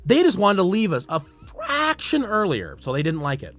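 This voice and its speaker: Profane, animated male streamer storytelling. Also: a little high, fast talker, few pauses, soft background music. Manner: profane, animated, swings between loud and muttered. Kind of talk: casual storytelling.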